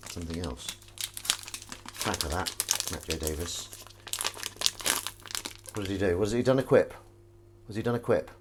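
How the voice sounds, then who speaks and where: A man's voice: low voice, background noise. A man chatting casually on a live stream, rambling and joking at himself. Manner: rambling, jokey, self-mocking.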